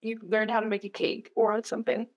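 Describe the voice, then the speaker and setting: Young woman co-host, dry humor, slightly high voice. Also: flat delivery, a little fast. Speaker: podcast co-host. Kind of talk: casual chat.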